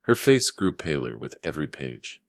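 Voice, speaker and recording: An older man narrating a scripted first-person story in a measured, grave manner. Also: extremely low pitch, big pitch swings, no echo, clean studio sound.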